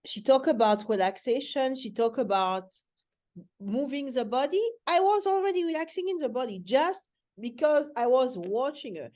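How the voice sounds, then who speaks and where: A woman's voice: high voice, moderate pace, darkish tone. A woman life coach hosting a casual coaching chat, speaking in an earnest, reflective way.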